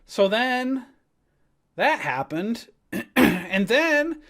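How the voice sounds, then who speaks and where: A man's voice: extremely high pitch, sing-song, drawn-out words, fairly bright tone. A man hosting a stock trading live stream, ranting about his bad day with swearing and frustrated laughter, then walking through charts. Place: home trading desk.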